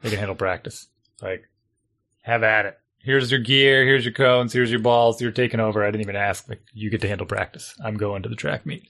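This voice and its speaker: A middle-aged man who coaches a youth team, talking in a rambling, animated way and acting out what other people say to him. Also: mid-range voice, moderate pace. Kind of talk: casual conversation.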